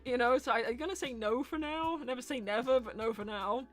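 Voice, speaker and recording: Chatty, laughing woman host, high-pitched. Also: fairly quick, faint music behind. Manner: chatty, laughs often, animated when indignant. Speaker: host of a live voice-acting show. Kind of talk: casual live-stream Q&A.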